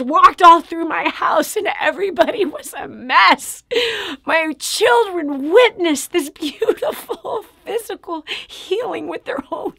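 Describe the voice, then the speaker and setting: A woman giving an emotional preaching testimony, swinging from loud exclamations to hushed whispers. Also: high voice, no room sound, clean studio sound. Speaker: Christian speaker giving a healing testimony.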